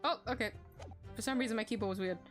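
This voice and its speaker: A giggly woman comments casually on a courtroom game for her stream. Her voice sits a little high, her tone is playful and teasing, and soft music plays in the background. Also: quick pace. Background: faint background music.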